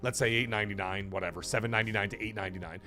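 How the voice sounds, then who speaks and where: A man's voice: lowish voice, fairly even intonation, very fast, sharp tone, soft background music. A man hosting a casual live stream who jokes, swears loosely and reads viewer messages aloud. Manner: chatty, joking, loose and profane. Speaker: livestream host.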